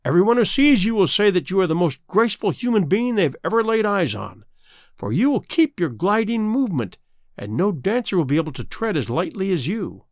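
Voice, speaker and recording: A man's voice: sits high, very animated, brisk, dry recording, clean studio sound, pitched above the performer's own voice. A man putting on a taunting sea witch. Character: cruel scheming female sea witch, mocking. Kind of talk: storybook reading.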